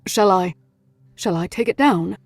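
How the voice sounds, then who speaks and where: A woman voicing a calm, steady Victorian husband who speaks in a measured, reassuring way. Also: medium pitch, dry recording.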